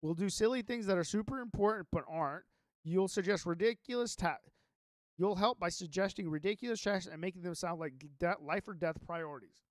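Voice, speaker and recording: Chatty young male streamer, high voice. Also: a little fast, no echo, studio quality. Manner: chatty, rambling, reads his own text aloud. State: sleepy, yawning. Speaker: Minecraft streamer. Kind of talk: casual live-stream chat.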